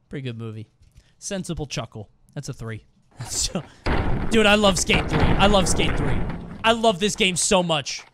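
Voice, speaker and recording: A man streaming as he reacts to viewer clips and scores them, laughing often and swearing freely with loud exclamations. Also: on the high side, animated, measured pace, long pauses. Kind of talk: casual reaction commentary. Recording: background noise.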